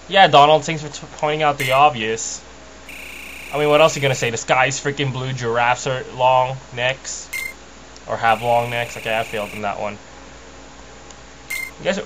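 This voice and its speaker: A young man casually commentating a video game, rambling and joking as he mocks the characters. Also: rough recording. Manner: rambling, jokey, mocks characters in squeaky put-on voices. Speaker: let's play commentator. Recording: game music underneath.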